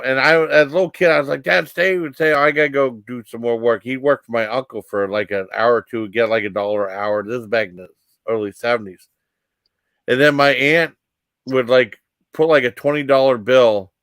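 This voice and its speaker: A man's voice: medium pitch, fairly bright tone, dry recording. Rambling middle-aged man, dry close sound. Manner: halting, many restarts and fillers. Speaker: vlog host. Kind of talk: rambling personal storytelling.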